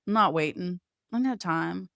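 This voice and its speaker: A woman's voice: lowish voice, lively intonation, normal speed, creaky, fairly bright tone, dry recording, studio quality. A middle-aged woman hosting a podcast, telling a personal story in a blunt, profane, self-mocking way. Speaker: podcast host.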